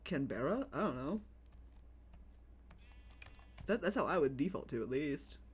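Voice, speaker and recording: A relaxed streamer talks with chat while playing, slangy and musing. The voice is a little husky, and the pitch rises and falls freely as thoughts are turned over aloud. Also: a little slow. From United States. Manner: laid-back, chats with viewers, slangy and musing. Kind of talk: casual live-stream chat while gaming.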